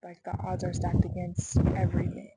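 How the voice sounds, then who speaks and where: A woman's voice: fairly low pitch, completely flat delivery, normal speed, noisy background. A young adult woman talking through her doubts in a rambling, earnest personal vlog, her delivery swinging to emphatic bursts. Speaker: vlogger.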